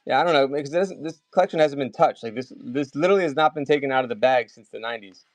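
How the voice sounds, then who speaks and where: In a dry recording, a man with a mid-range voice and a Maryland accent hosts a laid-back live comics sale. He is chatty and rambling, calling out bids at a fast clip.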